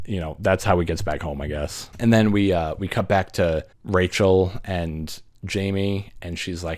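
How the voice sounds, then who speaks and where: A man hosting a casual movie recap who laughs, swears, and acts out the characters in quick voices. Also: sits low, a little mellow. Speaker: movie reviewer host.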